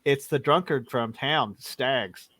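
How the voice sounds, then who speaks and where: A man's voice: medium pitch, slow, fairly bright tone, dry recording. A man narrating a tabletop game as game master, often stumbling and repeating words.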